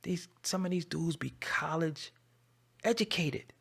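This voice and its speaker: A man hosting his own channel, delivering a scolding, confrontational rant that swings between loud and low. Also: a little slow, vocal fry, husky. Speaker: channel host. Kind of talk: ranting commentary to camera.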